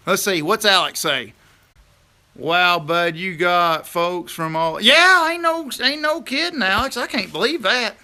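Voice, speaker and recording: Man, very bright sharp tone, joking live-chat host, outdoors. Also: high-pitched, a little slow. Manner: rambling, joking, teasing, bursts of loud laughter. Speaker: livestream host reading viewer comments.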